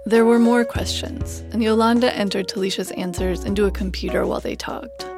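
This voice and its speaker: A woman reporter narrating a documentary story in a measured, plain storytelling manner. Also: mid-range voice, fairly even intonation, over music.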